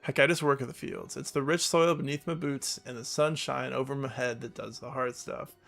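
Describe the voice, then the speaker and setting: A man doing a gravelly old farmer with a twang. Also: mid-range voice, fairly even intonation, moderate pace, fairly bright tone, soft background music. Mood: folksy. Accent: rural American country twang. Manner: folksy, easygoing. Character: friendly old male farmer with a country drawl.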